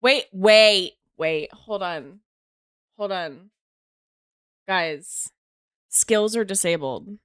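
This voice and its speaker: A woman's voice: medium pitch, extremely slow, pauses often, fairly bright tone, clean tone, dry recording, clean studio sound. A woman streaming a game live, chatting casually to her viewers, swearing freely and talking to herself as she plays.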